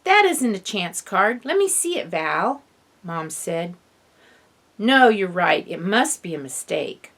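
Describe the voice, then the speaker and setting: A woman's voice: fairly low pitch, sing-song, takes it slowly, fairly bright tone, heavily acted. A woman reading the part of a caring, matter-of-fact mother in a storybook. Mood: brisk.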